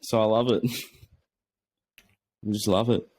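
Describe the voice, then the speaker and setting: A man's voice: fairly low pitch, fairly even intonation, takes it slowly, a little mellow. A teenage man, a podcast guest talking casually and eagerly, often restarting his sentences. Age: teens. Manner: eager, rambling with frequent restarts. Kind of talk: casual conversation.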